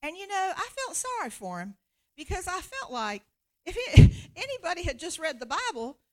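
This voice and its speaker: A woman preacher giving a sermon in an animated, conversational way, laughing often. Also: very high voice, a little fast.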